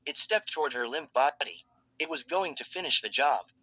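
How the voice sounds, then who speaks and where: Man narrating fan fiction, bright and dry. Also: a little high, moderate pace, no room sound, poor audio.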